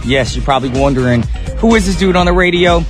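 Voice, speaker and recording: A man hosting a live radio show from the studio, chatting upbeat with listeners while a little sick, his voice deeper than usual. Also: animated, fast, music in the background.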